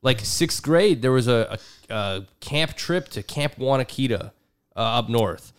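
Young man, podcast co-host, mid pitch, relaxed, candid, casual talk. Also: a little slow, clear, resonant tone. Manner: relaxed, candid storyteller with filler words.

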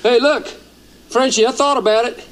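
An actor playing a brash, cocky American male race car driver who talks loudly, boasts and mocks. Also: very high-pitched, fairly even intonation, moderate pace, noisy background. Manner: loud, boastful, mocking. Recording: film clip with music underneath.

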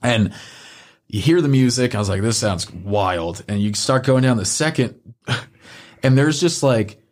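Animated, swearing man telling a story. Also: mid-range voice, unhurried. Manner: animated, swears often, acts out quotes. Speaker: podcast storyteller. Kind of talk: casual storytelling.

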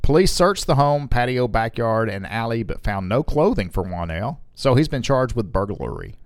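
Male co-host, punchline-ready, lively pitch, dry studio sound. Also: dry recording. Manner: wisecracking, quick puns. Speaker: radio co-host. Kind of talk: casual banter reading odd news stories.

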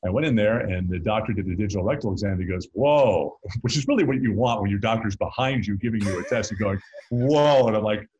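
Middle-aged male guest, low husky voice, chatty storyteller who jokes and restarts sentences. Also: fast talker, few pauses, darkish tone, dull audio. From North Carolina. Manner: rambling, self-interrupting, joking. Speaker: guest musician and author. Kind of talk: casual interview storytelling.

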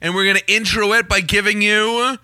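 Man, Canadian, podcast co-host, bright voice, joking, dry close sound. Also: high voice, fairly even intonation, no echo. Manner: joking, quick, laughs often. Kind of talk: casual podcast chat.

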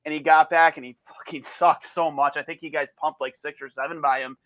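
A man's voice: fairly high pitch, fairly even intonation, brisk, a bit bright, no echo. A man chatting as a podcast guest, telling rambling stories with restarts, swearing and laughter. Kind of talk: casual chat.

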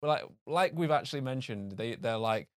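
A man's voice: medium pitch, lively intonation, normal speed, no echo, studio quality. Chatty man reacting with laughs. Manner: reactive, swears and laughs, trips over words. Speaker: podcast co-host. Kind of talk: casual chat.

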